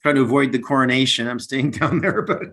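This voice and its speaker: An earnest man speaking over a video call, with an accent that is not British. He talks at a middling pitch with many ums and restarts, sincere and eager to help. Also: quick pace, a bit bright. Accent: non-British. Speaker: investment banker presenting. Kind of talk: webinar presentation.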